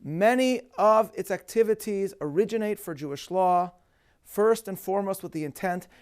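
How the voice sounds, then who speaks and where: A man with a fairly high voice speaks as a rabbi in a scripted lecture. His delivery is measured and emphatic, with Hebrew terms dropped in along the way. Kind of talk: scripted lecture on a religious festival.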